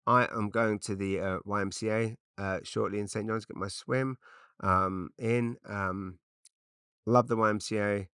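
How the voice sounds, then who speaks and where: A man's voice: lowish voice, fairly even intonation, a little slow, a bit bright, smooth, no echo, clean studio sound. A middle-aged man from Britain, a comedian rambling through an unscripted solo podcast with lots of fillers and restarts, self-deprecating.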